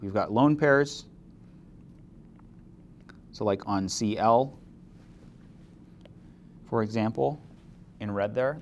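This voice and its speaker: A man's voice: mid-range voice, a little hiss or hum. A man teaching a chemistry lecture, explaining step by step and asking the class questions. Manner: asks the class questions, mildly opinionated. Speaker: chemistry instructor.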